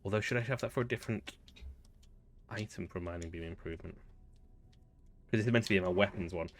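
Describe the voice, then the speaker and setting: A chatty man with a lowish voice talks through his game as he plays. He thinks aloud in a relaxed, amused way. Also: fast. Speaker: gaming video host. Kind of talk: relaxed gameplay commentary.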